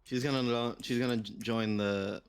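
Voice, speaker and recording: A man with a mid-pitched voice banters as a tabletop player. He is relaxed and teasing, swearing casually as he jokes with the table. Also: normal speed, clear, resonant tone. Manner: laid-back, swearing, teasing. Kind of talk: casual chat at a game table.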